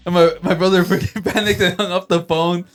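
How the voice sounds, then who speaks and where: Relaxed man telling a story. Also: high voice, a little fast, faint music behind. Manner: relaxed, swears a lot while reacting. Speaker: podcast co-host. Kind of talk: casual chat.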